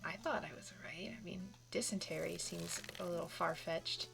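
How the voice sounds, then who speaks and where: A woman's voice: on the low side, moderate pace, creaky, over loud music. A woman streaming a gameplay session, thinking aloud and reading on-screen text in a casual way.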